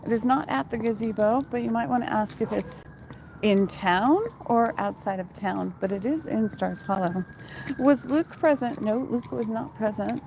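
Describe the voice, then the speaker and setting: A chatty woman records a casual vlog on her phone while she walks her dog outside at night. She talks easily, with a swear word here and there. Street noise is clearly heard behind her, with passing cars and jangling keys. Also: on the high side, moderate pace, a little mellow, rough recording. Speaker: vlogger and former TV costumer. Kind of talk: casual chat while walking dog, reading viewer questions. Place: outdoors on a town street at night.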